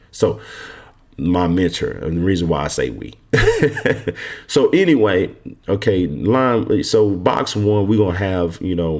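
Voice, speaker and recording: Low-voiced man explaining a form. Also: darkish tone. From Texas. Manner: conversational, repeats himself, confident and emphatic. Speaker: online course mentor. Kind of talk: casual screen walkthrough lesson.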